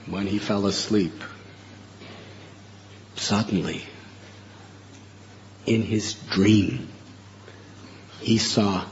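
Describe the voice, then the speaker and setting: A man preaching a sermon, telling a devotional story in an animated way. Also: lowish voice, highs cut off, a little hiss or hum.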